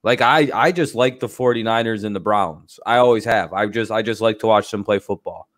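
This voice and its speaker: A man's voice: fairly low pitch, brisk, no echo, studio quality. A man hosting a casual livestream, rambling loosely and swearing freely, with frequent laughs. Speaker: streamer host.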